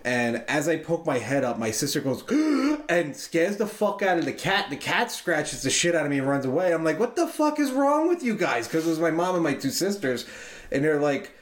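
A man's voice: on the high side, animated, moderate pace. Man telling a rambling, profane story. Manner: profane, rambling, loose and chatty. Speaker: podcast co-host. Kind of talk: casual storytelling among friends. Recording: roomy echo.

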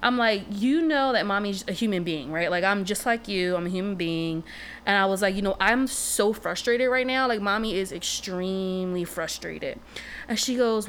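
A woman co-hosting a casual chat, telling lively stories and acting out the voices of the people in them. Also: medium pitch, moderate pace, slight background noise. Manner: animated storyteller, acts out quoted dialogue. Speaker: podcast co-host.

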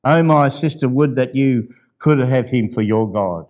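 A middle-aged man preaching a sermon in a medium-pitched voice. He drops low and quiet for gentle asides, then climbs to loud, emphatic declarations. At times he reads a letter aloud. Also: a little slow. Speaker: pastor.

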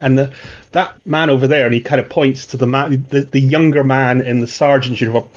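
Friendly young guardsman, confiding and helpful, voiced by a man in a plain mid-pitched voice; muffled lo-fi audio. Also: fairly even intonation, brisk, lightly acted. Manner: confiding, low-key helpful. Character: friendly handsome young male town guardsman.

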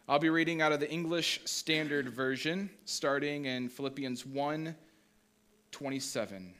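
Pastor, male, fairly high bright voice, chatty sermon delivery, reads scripture aloud. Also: normal speed. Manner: conversational, asks the congregation questions.

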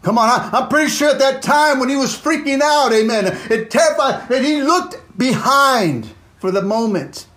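A pastor delivering an impassioned sermon in a strikingly high voice for a man. He punctuates every thought with "amen" and "come on." He rises to loud bursts and then sinks into hushed, low asides. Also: expressive, moderate pace, hardly any pauses. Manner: fervent preaching, peppered with "amen" and "come on"; swings between loud exclamations and low, quiet asides.

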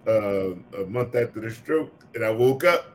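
A man's voice: on the low side, expressive, normal speed, a little hiss or hum. A man co-hosting a podcast, talking candidly and laughing at himself in casual chat. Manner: candid, self-mocking, laughs often. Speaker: podcast co-host.

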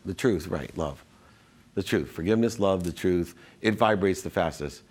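A low-pitched man chats as a guest on a talk show. He tells stories with animation, slipping into the voices of the people he quotes, and often stumbles and restarts his sentences. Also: normal speed, a little mellow, husky. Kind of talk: casual storytelling in a conversation.

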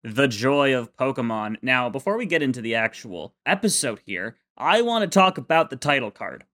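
A man's voice: medium pitch, sing-song, moderate pace, a bit bright. Profane ranting podcast co-host man. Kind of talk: casual chat.

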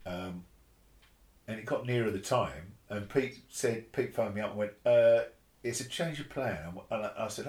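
A man, a bass player telling a story in a casual interview, animated and swearing freely, acting out the voices of others. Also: moderate pace. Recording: roomy echo.

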